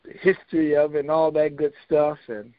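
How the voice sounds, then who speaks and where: A man's voice: on the high side, monotone, brisk, dry recording. Folksy older man, dull lo-fi sound. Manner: folksy, colloquial, joking. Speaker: storyteller. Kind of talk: casual storytelling. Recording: dull, lo-fi dry recording.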